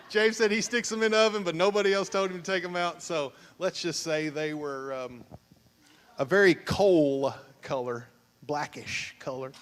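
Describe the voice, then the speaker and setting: A man's voice: sits high, measured pace, pushed and bright. A man, a pastor hosting a couples game show at his church, teasing and joking with the crowd. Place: church sanctuary, at the altar. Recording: long church hall reverb.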